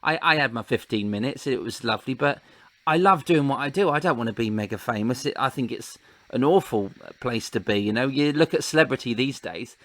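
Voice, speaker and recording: A man's voice: mid-range voice, animated, brisk, no room sound. A middle-aged man hosting a casual chat interview, talking in a rambling way and laughing often. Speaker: podcast host and entertainer.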